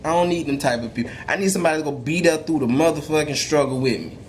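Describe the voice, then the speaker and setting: A young man with a fairly high voice speaks fast, with a little hiss or hum in the recording. He's a vlogger giving a motivational faith talk to camera, emphatic and slangy, preaching about perseverance in a testifying tone and often starting over.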